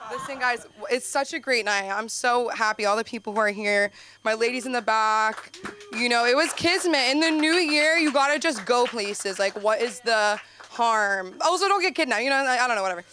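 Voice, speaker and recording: Chatty, bright-voiced young woman doing stand-up. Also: normal speed, slight background noise. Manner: rambling, filler-heavy and chatty, with sudden high excited bursts. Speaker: stand-up comedian. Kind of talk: open mic stand-up set. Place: comedy club stage.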